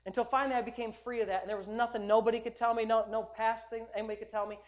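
A male pastor preaching a sermon at a church service, emphatic and repetitive, building up to loud declarations. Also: sits high, little pitch movement, very fast.

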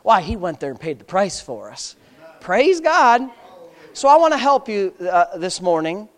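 A man preaching a sermon in church. He repeats phrases, fires rhetorical questions at the congregation, and swings from loud high-pitched exhortation to low, quiet storytelling. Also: big pitch swings, unhurried.

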